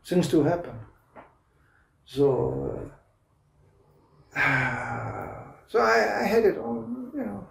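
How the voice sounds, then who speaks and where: A man's voice: a little high, expressive, extremely slow, creaky, pauses often, fairly bright tone, recorded from a distance, a little hiss or hum. A man in his fifties giving an anecdotal spiritual lecture, telling stories, laughing often and restarting his sentences. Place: club lecture room. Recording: roomy hall echo.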